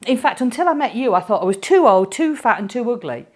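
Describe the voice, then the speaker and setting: A woman voicing an excited fan from the audience who gushes with praise. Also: fairly high pitch, fast talker, pitched above the performer's own voice. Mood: gushing. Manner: gushing, breathless praise.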